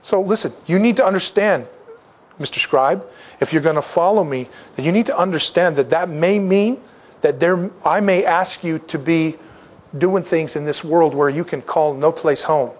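A male pastor preaching a sermon in a conversational style, acting out the voices of the people he quotes. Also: normal speed. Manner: conversational preaching, acts out quoted voices, wide swings in pitch and loudness.

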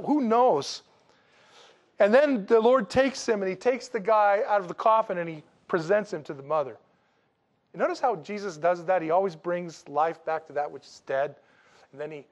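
Man, preacher, sermon, humorous storytelling, acts out dialogue, fairly high voice. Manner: humorous, animated storytelling with laughs; acts out dialogue in a casual, jokey way. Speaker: pastor.

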